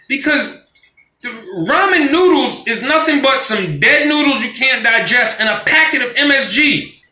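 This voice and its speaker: High, bright-voiced man ranting profanely. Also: normal speed, echoey room. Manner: animated, profane, acts out quoted voices. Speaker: vlogger on a live stream. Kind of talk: casual profane rant.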